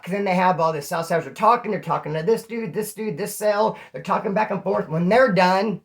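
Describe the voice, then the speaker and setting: A man from California with a slightly hoarse voice, casually telling rambling stories to his channel's viewers. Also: high voice. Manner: slangy, rambling, calls listeners homeboy. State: throat issue, slightly hoarse. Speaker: vlogger. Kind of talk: casual storytelling to camera.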